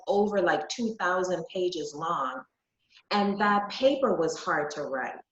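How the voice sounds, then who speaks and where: A woman from Jamaica, reflectively telling a personal story as a podcast guest, with frequent ums and restarts. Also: mid-range voice. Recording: echoey room, dull lo-fi sound.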